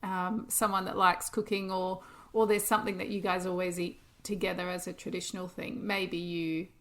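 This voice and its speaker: A woman's voice: lowish voice, little pitch movement, moderate pace, a bit bright. A woman co-hosting a podcast, chatting casually and practically with frequent laughs. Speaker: podcast co-host. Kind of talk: casual chat.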